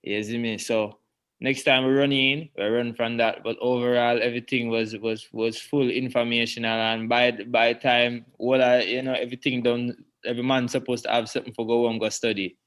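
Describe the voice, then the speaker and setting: Hesitant man, mid pitch. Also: level tone, normal speed, fairly bright tone. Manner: hesitant, many fillers and restarts. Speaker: host. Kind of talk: casual interview chat.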